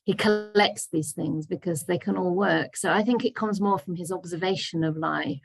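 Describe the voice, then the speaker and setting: A Buddhist nun leading a discussion group over a video call, answering questions in a thoughtful, laughing way. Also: female voice, lowish voice, normal speed, gravelly, slightly rough. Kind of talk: casual teaching discussion.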